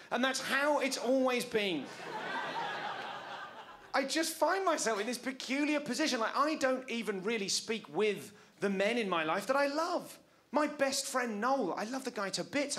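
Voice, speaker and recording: A man's voice: extremely high pitch, fairly bright tone. A man in his forties doing a stand-up comedy set on a club stage, wry and self-mocking, talking back to the audience. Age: 40s.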